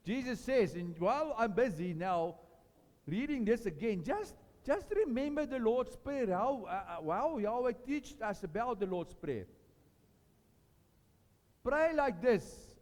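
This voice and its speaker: A man preaching an informal sermon to a small home gathering, earnest and animated, often restarting his sentences and joking with the listeners. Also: high-pitched, unhurried. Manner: earnest, animated, with frequent restarts and jokes to the room. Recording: long hall reverb.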